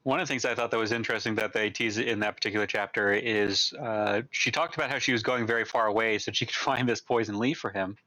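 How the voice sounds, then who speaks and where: Bright American book club member, dry sound. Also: medium pitch, steady tone, fast, hardly any pauses, no echo, low-quality recording. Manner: eager, explains lore with confidence. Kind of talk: casual book discussion.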